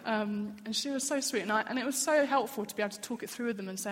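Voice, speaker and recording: A woman's voice: on the high side, fast talker, hardly any pauses. Woman preaching in an echoey hall. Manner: earnest, candid, personal storytelling. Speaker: church speaker. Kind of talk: sermon. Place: church.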